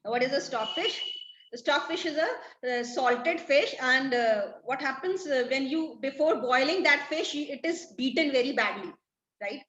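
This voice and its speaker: A woman's voice: high-pitched, lively intonation, moderate pace, a bit bright, roomy sound, poor audio. A woman teaching English literature, explaining a play line by line and paraphrasing each phrase repeatedly.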